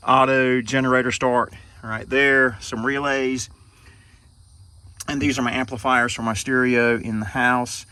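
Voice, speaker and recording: A man's voice: medium pitch, sharp tone, a little hiss or hum. A middle-aged man casually rambling through a walk-through of his RV, recorded on a phone outdoors at a campsite at night. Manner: rambling and folksy, with frequent fillers. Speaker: RV owner vlogger. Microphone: handheld phone. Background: crickets and insects.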